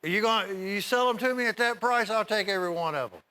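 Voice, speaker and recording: A middle-aged man hosting a TV shopping show, giving a folksy, rambling sales pitch straight to viewers. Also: fast talker, sharp tone, clean tone. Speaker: TV shopping host.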